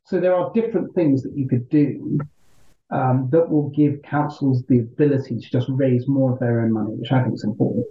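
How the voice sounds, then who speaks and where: A man speaking as a political guest, laying out his case in measured, argumentative turns and often tagging points with "right?". His voice sits at a middle pitch and carries noticeable room echo. The sound is a little dull and muffled. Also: fairly even intonation. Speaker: member of parliament, guest. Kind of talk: political interview answers.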